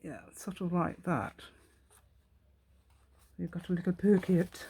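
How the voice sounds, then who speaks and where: Slow, low-voiced woman chatting through a craft. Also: creaky, dark tone, husky. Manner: chatty, rambling, talks to herself while working. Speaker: craft channel host. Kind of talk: casual craft tutorial, thinking aloud.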